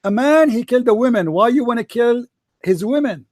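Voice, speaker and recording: A man's voice: very high voice, expressive, brisk, darkish tone, no room sound, studio quality. A man arguing hard in a religious debate, mocking and repeating himself. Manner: combative, mocking, repeats phrases.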